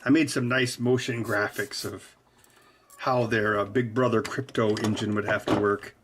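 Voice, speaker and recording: A man's voice: lowish voice, fairly even intonation, normal speed, fairly bright tone, a little hiss or hum. A man hosting a casual livestream while he works, rambling along with dry, teasing humor. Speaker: host of a hardware hacking stream.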